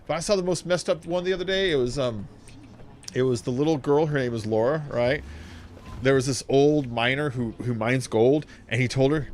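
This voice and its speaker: A man streaming a video game, chatting casually in a rambling, profane, animated way. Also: medium pitch, moderate pace. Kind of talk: casual gameplay commentary.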